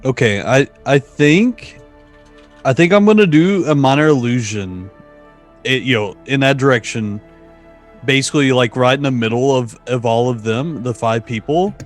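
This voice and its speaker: A man's voice: mid-range voice, normal speed, soft background music. A man playing in a tabletop game, talking hesitantly with many restarts while working out his moves. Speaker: player. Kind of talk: casual chat during a tabletop game.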